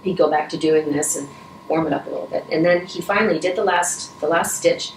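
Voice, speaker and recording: With a low voice and a fairly quick pace, a middle-aged woman gives earnest, emotional interview answers, starting over often and sometimes choking up. She is a Rotary vice president, heard from a distance in an echoey room with faint noise.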